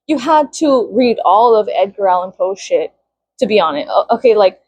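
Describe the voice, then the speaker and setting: A woman in her thirties ranting casually to camera, profane and sarcastic, sometimes pitching up into high mocking tones. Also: expressive, moderate pace, a little mellow, husky, no echo, lo-fi sound. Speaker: vlogger. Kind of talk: casual venting rant to camera.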